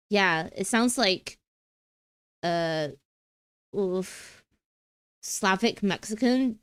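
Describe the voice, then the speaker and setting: A woman's voice: medium pitch, no room sound. A young British woman chatting playfully on a live stream, with frequent giggles and stumbling restarts. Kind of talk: casual stream chat.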